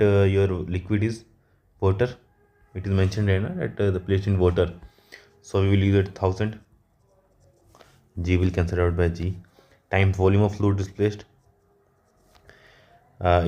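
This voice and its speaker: A man working through an engineering problem at a whiteboard, halting often with fillers and self-corrections. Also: low-pitched, warm tone. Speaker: engineering exam tutor.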